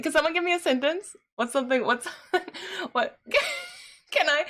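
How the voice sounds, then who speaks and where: A woman's voice: sits high, expressive, normal speed, fairly bright tone. A woman livestreaming from home, casually chatting and answering viewer messages, laughing often.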